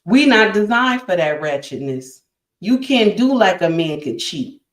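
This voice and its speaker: A woman hosts a casual livestream relationship talk for her live chat, emphatic and repetitive, calling listeners "honey" and "my dear." Her voice is on the low side and very animated but unhurried, in an echoey room.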